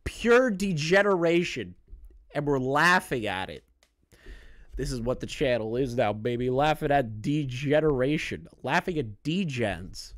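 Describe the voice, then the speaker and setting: A man's voice: medium pitch, unhurried, a bit bright, dry recording, studio quality. A man hosting a reaction commentary, talking bluntly and mockingly with plenty of swearing. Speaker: commentary channel host.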